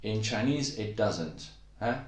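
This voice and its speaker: Man, low voice, casual teacher, lots of uh and um, roomy echo. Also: animated. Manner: explains slowly with many fillers, acts out example sentences. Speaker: Chinese language teacher. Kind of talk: casual spoken lesson.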